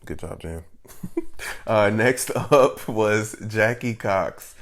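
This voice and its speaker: Very deep-voiced easygoing man. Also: drawn-out words. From Southern United States. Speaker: co-host. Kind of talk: casual review chat.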